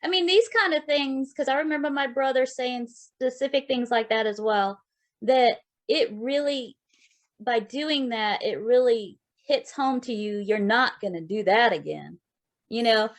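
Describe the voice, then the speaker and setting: A woman with a fairly high voice interviews a guest. She talks in a reflective, affirming, conversational way. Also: measured pace. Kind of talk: casual interview.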